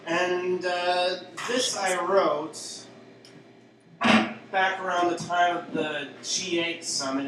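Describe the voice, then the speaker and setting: A man's voice: a little high, background noise. A man, a poet, casually and hesitantly introducing his next poem at a live reading night in a small cafe. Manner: rambling, offhand, hesitant with fillers. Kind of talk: casual intro between poems. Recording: echoey live room from far off, crowd.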